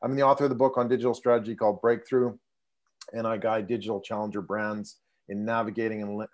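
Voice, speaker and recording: A man's voice: on the low side, a little mellow. A man giving a polished self-introduction as a digital marketing agency owner on a video call. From Canada.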